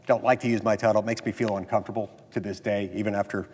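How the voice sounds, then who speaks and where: A man's voice: lowish voice, fairly even intonation, very fast, a little mellow. A man from Utah, a senator giving a floor speech, folksy and self-deprecating in the story, then emphatic in the argument. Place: legislative chamber. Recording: long reverb of a large chamber.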